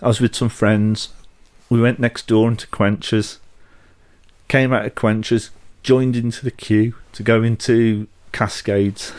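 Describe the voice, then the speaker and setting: A middle-aged man with a Telford accent recalls old stories as a podcast guest, his voice on the low side. He speaks in a measured way, pausing as he looks for words. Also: little pitch movement, a little mellow. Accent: Telford English. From Telford, England. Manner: measured, anecdotal, hesitant. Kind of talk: conversational storytelling.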